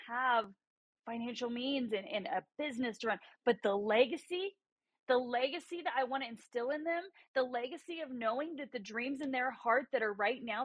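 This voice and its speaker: Fervent woman, 30s, kinda high voice, guest on a call, dry close sound. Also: a bit bright, no echo, poor audio. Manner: passionate, faith-driven storytelling. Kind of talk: livestream interview. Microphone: remote call.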